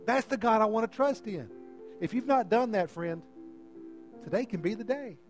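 A man preaches from the front of a church, speaking through a handheld microphone. His voice sits high for a man, and he pleads with his listeners in an impassioned way. Soft music plays faintly behind him. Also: expressive, normal speed. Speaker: pastor. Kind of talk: sermon. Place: church sanctuary.

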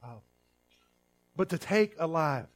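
A middle-aged man preaching a sermon as pastor, in a conversational way with restarts and repeated words, swinging between loud emphatic lines and quiet drawn-out phrases. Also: on the high side, expressive.

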